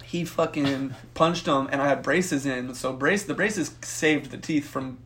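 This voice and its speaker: A young man co-hosting a podcast, telling a profane story in a casual, animated way and acting out the voices in it. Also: mid-range voice, unhurried, a little hiss or hum. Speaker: podcast co-host.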